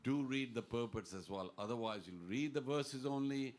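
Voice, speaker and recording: A man's voice: mid-range voice, moderate pace, a little mellow. A man giving an earnest, informal devotional talk in a temple class, telling stories and quoting Sanskrit verses. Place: temple hall.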